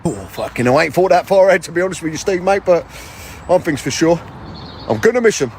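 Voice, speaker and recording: A man playing a slow, deadpan working-class bloke who mutters his lines. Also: on the high side, slight background noise. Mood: glum. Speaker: comedy sketch performer. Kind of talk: comedy sketch acting.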